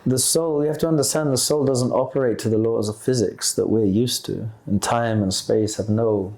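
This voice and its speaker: A man as a podcast guest, earnestly explaining ideas about the soul, pausing and restarting as he thinks. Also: medium pitch, vocal fry, a little mellow. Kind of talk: spiritual discussion.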